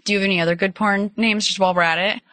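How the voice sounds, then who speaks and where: A woman hosting a talk podcast. She is playful and quick to laugh, and her voice sits at an ordinary middle pitch. It carries the loose, joking tone of a casual chat. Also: fairly even intonation, a bit bright, no room sound. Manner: playful, laughs easily, jokes with co-host. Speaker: podcast host.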